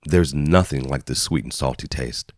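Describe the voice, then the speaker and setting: A man's voice: rumbling low, moderate pace, no echo. A man voicing a playful young woman, a loyal best friend who encourages bluntly and teasingly, in an audiobook. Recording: dry studio voice-over.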